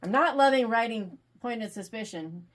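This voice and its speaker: A woman author being interviewed, chatting casually and animatedly, quick to laugh. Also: on the high side, expressive. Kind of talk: casual video call chat.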